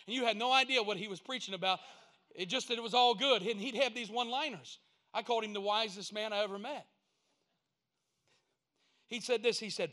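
A man's voice: high-pitched, bright, forceful tone. A man preaching a sermon in a folksy, storytelling way, building up to emphatic points. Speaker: pastor.

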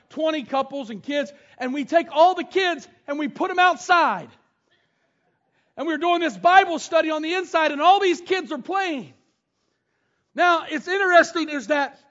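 Delivering a sermon in a storytelling manner, this middle-aged male pastor speaks with a very high-pitched, slightly bright voice. He reads scripture, retells it, and shares family-life stories, all captured in dull, lo-fi audio.

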